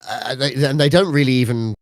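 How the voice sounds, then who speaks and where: A man's voice: medium pitch, brisk, no echo, studio quality. A man co-hosting a podcast in casual chat, stumbling and restarting his words. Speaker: podcast co-host. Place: podcast studio.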